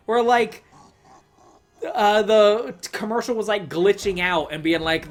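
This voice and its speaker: A man's voice: high voice, fairly quick, fairly bright tone. A young man rambling casually through a movie review, swearing, laughing often and filling his talk with "like". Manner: rambling, swears, filler-heavy, laughs a lot.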